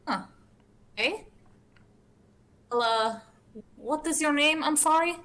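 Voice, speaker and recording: A woman's voice: high voice, slow pace, a bit bright. Giggly, hesitant woman player. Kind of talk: playing a tabletop game.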